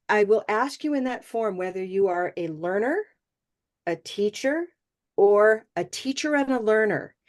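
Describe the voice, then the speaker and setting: A woman's voice: medium pitch, darkish tone. Encouraging woman teaching pronunciation online. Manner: encouraging, asks "okay?" often. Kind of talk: live online class.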